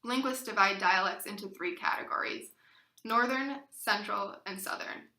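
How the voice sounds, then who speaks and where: Woman presenting for a class, bright voice, reads with small repeats, recorded in a roomy space. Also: medium pitch, normal speed. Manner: reads from notes, some fillers and repeats. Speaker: student presenter. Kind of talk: read-aloud class presentation.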